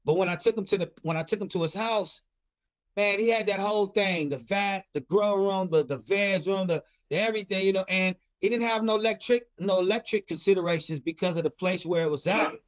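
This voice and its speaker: A middle-aged man tells a story in loose, rambling talk, circling back with "you know" and restarts. His voice sits high for a man. The recording is dull and lo-fi. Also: brisk. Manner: rambling, repeats words and fillers like "you know". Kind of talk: casual storytelling.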